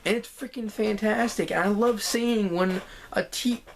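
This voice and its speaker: A woman vlogging a casual, excited TV show review, rambling and repeating herself. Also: mid-range voice, measured pace, gravelly, slight background noise. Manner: enthusiastic, rambling, repeats "guys" and "freaking".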